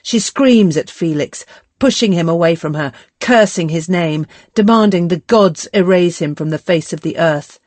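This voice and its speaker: Female audiobook narrator, lowish and measured, dry close read. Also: darkish tone, no echo. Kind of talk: scripted narration.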